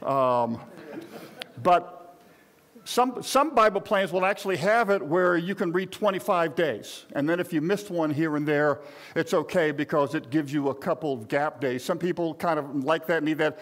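Older male pastor, high voice, rambling folksy sermon style. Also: moderate pace. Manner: conversational, rambling with frequent restarts and asides.

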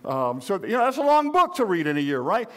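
Older male pastor, high voice, rambling folksy sermon style. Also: very animated, brisk, fairly bright tone. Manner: conversational, rambling with frequent restarts and asides.

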